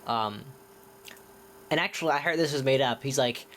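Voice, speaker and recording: A man reviewing films in a loose, chatty way, often stopping to restart his sentences. His voice sits at an ordinary mid pitch, and he sounds enthusiastic about what he describes. A faint hiss runs under the recording. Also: normal speed, a bit bright. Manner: rambling, with many restarts. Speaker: film reviewer. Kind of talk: casual movie review.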